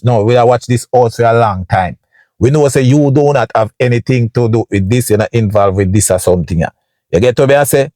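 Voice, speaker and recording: A storytime vlogger with a warm voice and a Jamaican accent casually tells his viewers a story, recorded with studio quality and no room sound. Chatty throughout, he keeps checking in with "you see me" and "people," acting out sounds and voices with big jumps up in pitch.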